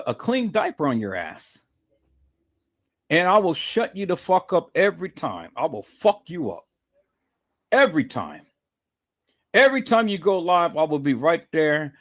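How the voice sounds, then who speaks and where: Angry ranting man, pitch jumping around. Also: fairly bright tone. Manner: angry, profane, repetitive, confrontational. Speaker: livestream host. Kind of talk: heated livestream rant.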